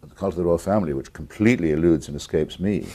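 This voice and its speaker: Deep-voiced English man, articulate. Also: fast, warm tone. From England. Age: 50s. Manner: articulate and combative, with many restarts. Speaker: interview guest taking viewer calls. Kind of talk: call-in television interview.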